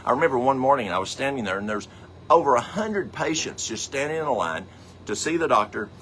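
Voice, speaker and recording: A man's voice: medium pitch, lively intonation, brisk, a bit bright, slight background noise. A middle-aged man, teaching a health program in a folksy, rambling way, full of asides and acted-out stories. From American South. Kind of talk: casual teaching talk.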